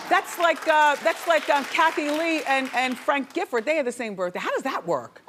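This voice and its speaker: Woman host, gossip monologue, bantering and loud, raised voice, noisy studio audience. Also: high-pitched, animated, normal speed, a crowd in the background. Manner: chatty, playful, loud exclamations. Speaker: talk show host. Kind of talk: gossip talk show monologue. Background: audience laughter and cheers.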